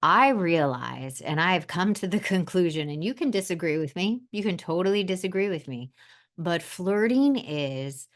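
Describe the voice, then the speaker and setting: A woman's voice: lowish voice, lively intonation, moderate pace. A woman hosting a podcast, talking bluntly and emphatically in a solo monologue. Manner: emphatic, blunt, acts out quoted voices. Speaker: podcast host.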